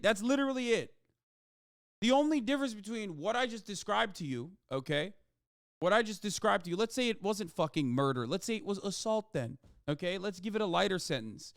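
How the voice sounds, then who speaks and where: A male streamer rants with heat and plenty of swearing into a close, dry mic. His voice sits fairly high for a man and comes through smooth and clear. He talks with no room echo at all. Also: expressive, a little fast. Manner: heated, profane ranting. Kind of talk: livestream commentary.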